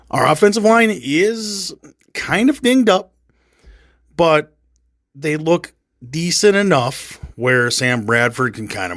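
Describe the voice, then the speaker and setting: A man hosting a casual sports chat, talking in a rambling, excitable, jokey way. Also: mid-range voice, dry recording, studio quality. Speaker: sports podcast host.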